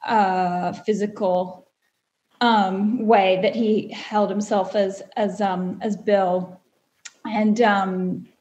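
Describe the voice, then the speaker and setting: A woman's voice: mid-range voice, level tone, very slow, a little mellow, muffled recording. A young woman, an actress chatting thoughtfully in an interview with many fillers. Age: young adult. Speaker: actress guest. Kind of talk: casual interview chat. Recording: roomy echo.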